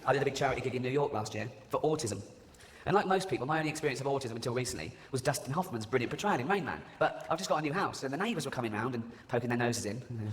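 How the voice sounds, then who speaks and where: A man's voice: mid-range voice, animated, rapid-fire, slight background noise. A man doing a live stand-up routine, mocking and sardonic, laughing at his own jokes. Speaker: stand-up comedian. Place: large live venue. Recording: echoey hall with loud audience.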